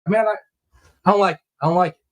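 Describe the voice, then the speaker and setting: A man hosting a live stream, joking and excitable as he comments and talks to his chat. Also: sits high, fast talker, rough recording.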